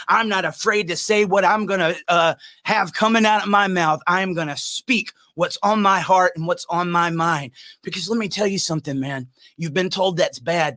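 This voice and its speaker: A man hosting a podcast, delivering a fired-up, preachy monologue that climbs into shouts. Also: sits high. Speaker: podcast host.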